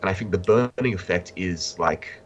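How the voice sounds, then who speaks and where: A man's voice: deep voice, moderate pace, a little hiss or hum. A man reviewing trading cards in casual chat, blunt and opinionated with a dry sense of humor. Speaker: card game reviewer.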